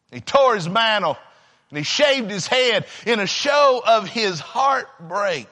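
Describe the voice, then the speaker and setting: A man preaching a sermon. He swings between shouting and hushed, near-whispered passages. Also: sits high, animated, slow pace, in a large hall.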